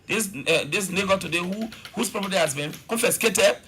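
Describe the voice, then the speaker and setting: A man's voice: high-pitched, brisk, pushed and bright, breathy edge. A man with a Liberian accent, a government official making an emphatic, repetitive political argument as a talk-show guest.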